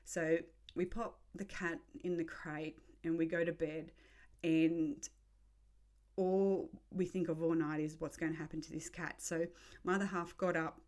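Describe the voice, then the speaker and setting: A woman's voice: deep voice, level tone, a little slow, a little mellow. A woman, hosting a podcast and telling a story in a frank, sweary way. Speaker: podcast host. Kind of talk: casual storytelling.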